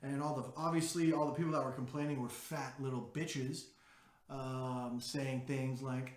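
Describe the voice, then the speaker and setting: A man hosting a podcast in a brash, profane, excitable unscripted monologue. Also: mid-range voice, moderate pace, reverberant. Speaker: podcast host.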